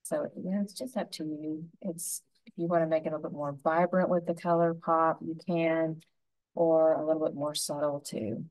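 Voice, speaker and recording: A woman with a low, mellow voice leads a painting lesson step by step. She talks gently and without hurry, narrating each brushstroke as she makes it. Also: steady tone, low-quality recording. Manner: gentle, unhurried, talking through each brushstroke. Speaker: painting instructor.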